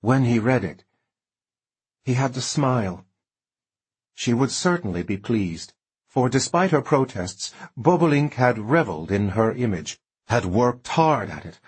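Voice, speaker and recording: Husky male audiobook narrator. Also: mid-range voice, a little slow. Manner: expressive, lingering over lush description.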